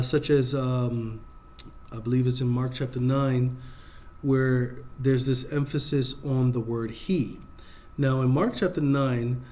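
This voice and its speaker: A man teaching a Bible study in a casual, unhurried way, reading verses aloud and pausing often to think. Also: mid-range voice, darkish tone.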